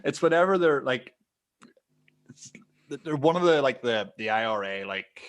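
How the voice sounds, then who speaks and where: A Northern Irish man co-hosting a podcast, chatting casually and telling animated stories with frequent laughter. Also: medium pitch, moderate pace. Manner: animated storyteller, laughs often. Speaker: podcast co-host. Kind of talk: casual chat.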